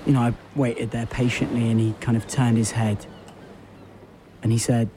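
A man hosting a radio show, telling an absurd story in a rambling, repetitive, deadpan way full of fillers. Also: medium pitch, normal speed, background noise.

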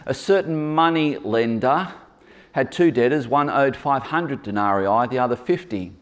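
Male preacher, plain mid pitch; sermon with humor, teasing asides to the congregation. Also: lively intonation, normal speed. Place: church hall before a congregation.

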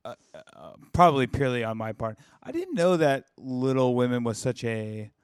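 A man's voice: medium pitch, sing-song, moderate pace, clear, resonant tone, dry recording, clean studio sound. Easygoing man podcast co-host. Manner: easygoing, agreeable, frequent backchannels. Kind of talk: casual chat.

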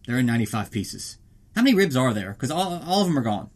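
A man's voice: mid-range voice, very animated, fast talker, darkish tone. A man hosting a podcast, recapping a film in a casual, profane and sarcastic way, often slipping into silly voices. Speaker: podcast host.

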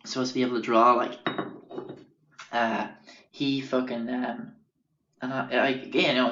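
A man's voice: medium pitch, little pitch movement, brisk, fairly bright tone, echoey room, lo-fi sound. A young man telling a casual, profane anecdote, rambling and often losing track of names. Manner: rambling, swears constantly, loses track of names. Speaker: storyteller.

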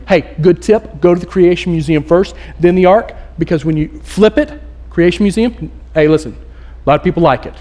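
A man preaching a sermon in a casual, animated way, acting out the quotes in the story. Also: on the high side. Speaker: pastor. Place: church.

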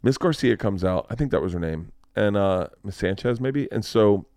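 A man hosting a podcast, telling a story in a casual, animated way, acting out the people he quotes and swearing freely. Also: on the low side, moderate pace, dry recording, clean studio sound. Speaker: podcast host.

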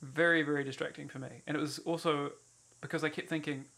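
A man's voice: on the high side, level tone, quick pace, creaky, pushed and bright. A man co-hosting a casual film podcast, with dry, wry asides. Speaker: podcast co-host.

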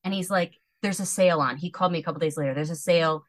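Woman, thirties, low voice, dry close sound; a chatty storyteller who acts out every quote. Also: racing, no room sound. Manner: animated, acts out quotes, many "like" fillers. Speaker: podcast guest. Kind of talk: casual storytelling chat.

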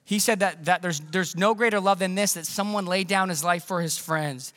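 This is a man in his thirties preaching a sermon, earnest and conversational, with frequent restarts. His voice sits high and sounds bright and forceful. It rings with the long reverb of a church hall. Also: moderate pace. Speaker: pastor. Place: church sanctuary.

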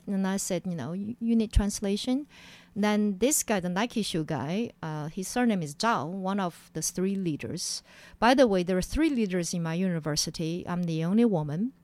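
As an interview guest, a woman tells stories from her past in a medium-pitched voice with no room sound. She's animated and acts out quotes in a raised voice as she goes.

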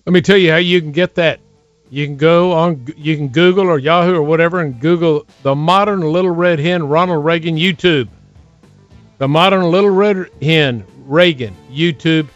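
A man's voice: fairly high pitch, moderate pace, no room sound, muffled recording, soft background music. An older man hosting a political radio talk show, speaking in an emphatic, urgent way.

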